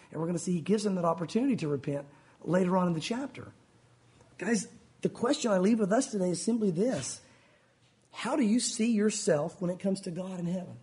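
A man's voice: high voice, mellow. Earnest man preaching. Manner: earnest, conversational preaching that addresses the congregation as "guys". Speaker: pastor. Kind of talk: sermon.

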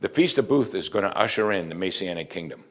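A man with a low-pitched voice preaches a sermon in an animated, conversational way. He jumps into quoted lines with a raised voice and chuckles as he explains the scripture. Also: fast.

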